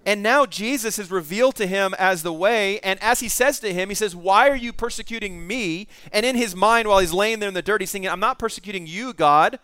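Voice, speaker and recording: A man's voice: high-pitched, brisk, few pauses, pushed and bright, clear, resonant tone, dry recording. A middle-aged male pastor preaching a sermon, telling the story with animation and acting out the voices in it.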